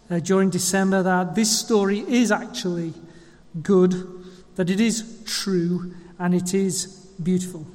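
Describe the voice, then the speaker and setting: A church leader delivers a sermon in a relaxed, chatty way, peppering it with ums and uhs. He is nursing a slight cold, and his voice sits high and a little squeaky. The sound rings out with the long reverb of a church hall. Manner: chatty, self-deprecating, with frequent ums and uhs. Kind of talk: conversational sermon.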